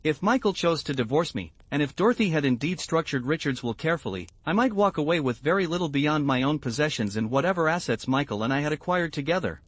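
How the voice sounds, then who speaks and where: A man reading a scripted first-person story in an even, measured way. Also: fairly high pitch, no room sound. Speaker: narrator.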